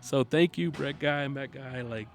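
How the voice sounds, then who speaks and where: Gravelly guy guest telling a story, animated and chatty, music going in the background. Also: medium pitch, moderate pace. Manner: animated, chatty storyteller who acts out dialogue. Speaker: podcast guest, cornhole player. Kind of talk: casual storytelling chat.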